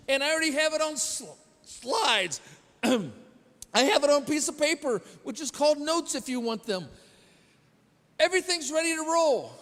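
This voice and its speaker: A man's voice: very high-pitched, a bit bright. A man preaching a conversational sermon as pastor, quizzing the congregation and telling stories with self-deprecating humor. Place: church sanctuary. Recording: long hall reverb in a church.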